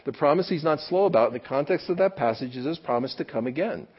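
A man's voice: a little high, expressive, quick pace, slightly rough. A man preaching a sermon as pastor, impassioned and pressing his listeners with rhetorical questions. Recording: dull lo-fi recording.

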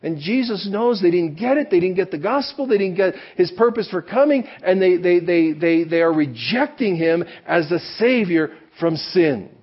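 A man's voice: high-pitched, lively intonation, moderate pace, few pauses. A man preaching a sermon as pastor, impassioned and pressing his listeners with rhetorical questions. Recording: dull lo-fi recording.

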